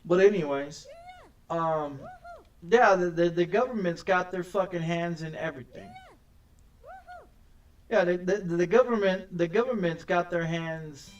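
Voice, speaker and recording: Profane, high-voiced ranting male streamer. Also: a little slow, pauses often, distant mic, dull audio. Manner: profane, ranting, stammers and repeats words. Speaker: game streamer. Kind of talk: casual gameplay commentary.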